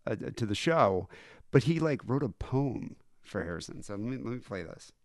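A man's voice: fairly low pitch, moderate pace, no echo. Male podcast host, crude and jokey, very dry sound. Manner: crude, laughing, animated questioning. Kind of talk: casual chat.

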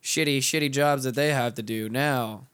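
A man's voice: medium pitch, normal speed, fairly bright tone, a little hiss or hum. A man co-hosting a podcast, telling stories in a laid-back, profane way among friends. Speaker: podcast co-host. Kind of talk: casual chat.

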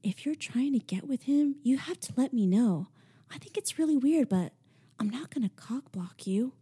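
A woman voicing a sharp-tongued, defiant young woman friend with a bright, mocking edge. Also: mid-range voice, sing-song, normal speed, breathy edge. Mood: teasing.

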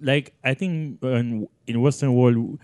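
A man from southern Egypt with an Egyptian accent, a studio guest on a talk show who speaks haltingly, searching for words and restarting often. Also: mid-range voice, darkish tone, no echo. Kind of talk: casual chat. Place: live studio in front of an audience.

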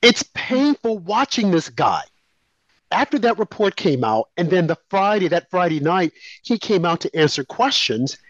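High-voiced male talk host, emphatic and indignant, dull dry line. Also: very animated, moderate pace, a bit bright, no echo. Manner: emphatic, indignant, mimics others. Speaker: radio talk show co-host. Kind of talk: opinionated talk radio commentary.

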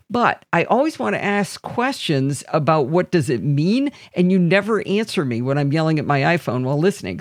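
A man with a somewhat high voice chats on a podcast, playful and full of anecdotes. His delivery is lively and conversational. The recording is dry and close. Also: no room sound. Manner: playful, storytelling. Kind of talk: casual chat.

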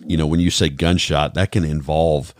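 Deep-voiced host, dry close sound. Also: male voice, steady tone, no echo. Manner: measured, thoughtful, many fillers. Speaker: podcast host, former trauma responder. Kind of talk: casual podcast conversation.

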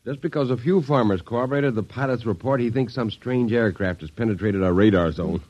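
A man playing a breezy middle-aged Air Force colonel and father in a 1950s radio drama, talking in a brisk, offhand way. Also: mid-range voice, a little mellow, lightly acted. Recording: dull old radio broadcast.

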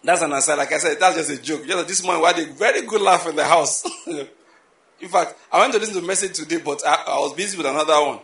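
Bright-voiced preacher, echoey hall. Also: male voice, fairly high pitch, fast. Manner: animated, repetitive preaching with rhetorical questions. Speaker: pastor. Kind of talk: sermon.

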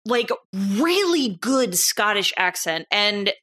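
Slow-talking excitable woman. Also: mid-range voice. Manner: excitable, gushing. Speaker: podcast co-host. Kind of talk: casual chat.

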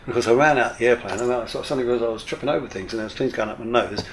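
An older man, a retired airline captain, telling a lively, mildly profane story in an interview. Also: mid-range voice, racing, slight background noise. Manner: lively, swears casually, full of restarts. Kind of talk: casual anecdotal storytelling.

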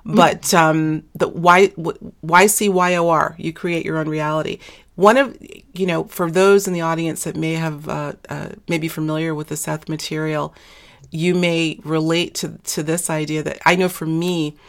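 A woman hosting an interview, chatty and quick to laugh, losing her voice and clearing her throat. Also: sits low, little pitch movement. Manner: chatty, laughs often, many fillers. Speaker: podcast host. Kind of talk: casual interview chat.

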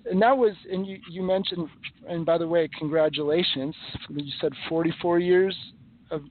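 A man in his forties hosts a faith podcast and asks earnest, searching questions, often stumbling and restarting mid-phrase. His voice sits a little higher than average. The audio is thin and phone-like. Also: moderate pace, slight background noise. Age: 40s. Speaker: podcast host. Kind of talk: casual chat.

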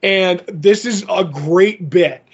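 A man co-hosts a casual comic book podcast, wandering through his thoughts as he retells scenes and slips into quoted voices. His voice sits a little high. The audio is muffled and lo-fi. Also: takes it slowly, husky. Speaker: podcast co-host.

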